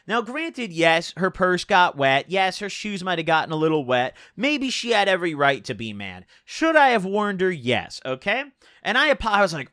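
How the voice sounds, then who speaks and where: Guy ranting a story for his channel, swears a lot, high bright voice, dry close sound. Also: moderate pace, no room sound. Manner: profane, animated, lots of filler "like" and "dude". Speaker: YouTuber. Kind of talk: storytelling vlog.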